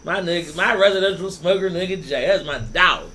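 A young man co-hosting a loose comedy chat, spinning profane stories and slipping into the voices of the people he quotes. His voice sits a little on the high side, and a faint hiss runs underneath. He keeps the talk moving with quick jokes. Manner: animated storyteller, profane, acts out quoted voices. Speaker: podcast co-host.

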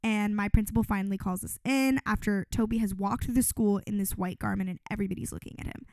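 A woman in her twenties co-hosting a podcast, telling a story in a casual, animated way, swearing freely and saying "like" a lot. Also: mid-range voice, fast talker, gravelly, dry recording. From Los Angeles. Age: 20s. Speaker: podcast co-host.

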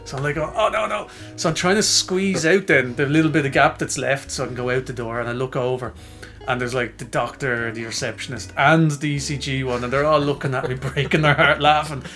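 A man's voice: mid-range voice, brisk, faint music behind. A man, co-hosting a podcast and telling a self-mocking story in casual chat, acting out the voices of the people in it. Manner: animated, self-mocking, acts out quoted voices. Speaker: podcast co-host.

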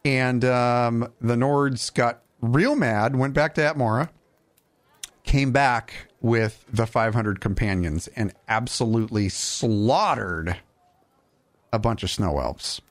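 A man hosting a casual gaming podcast, animated and jokey, with quick asides. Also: mid-range voice. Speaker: podcast host.

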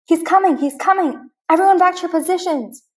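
A woman's voice: medium pitch, big pitch swings, normal speed, natural voice. A woman voicing a bossy male piggy bank toy in a storybook reading. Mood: urgent.

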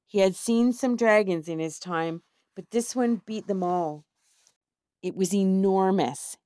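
Woman storyteller, unhurried, lower voice, dry close sound. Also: no room sound. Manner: measured, expressive reading. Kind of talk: scripted storybook narration.

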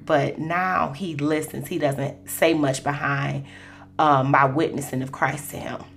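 A woman's voice: sits low, vocal fry. A woman hosting a Christian podcast, telling personal faith stories in a conversational way with lots of "you know.". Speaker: podcast host.

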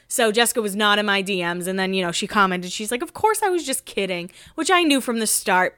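A woman's voice: medium pitch, sharp tone, smooth, no echo, clean studio sound. A woman in her thirties hosting a podcast, chatting casually with giggly asides while getting over a cold. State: has a cold. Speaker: podcast host. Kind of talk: casual recap chat.

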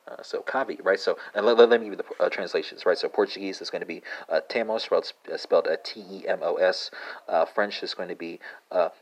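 Very deep-voiced man teaching languages. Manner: halting, many "uh" fillers and "right?" tags. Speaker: language podcast host. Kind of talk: casual spoken language lesson. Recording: dull lo-fi sound.

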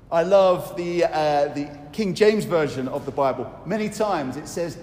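A fairly high-voiced man preaching a sermon in a church. He talks earnestly, stumbles into fillers and restarts, and slows down for scripture. His voice rings through a reverberant hall, with a faint hiss underneath. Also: lively intonation, darkish tone. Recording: echoey hall with faint noise.

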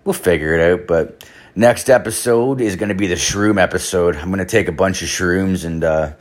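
A man's voice: deep voice, moderate pace. A young man hosting a podcast, telling a rambling, profane story full of fillers. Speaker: podcast host. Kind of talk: casual storytelling monologue.

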